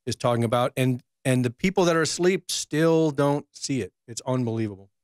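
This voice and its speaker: A man, a reporter, talking in a measured, hesitant way during a casual political chat. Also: mid-range voice, darkish tone, dry recording, studio quality.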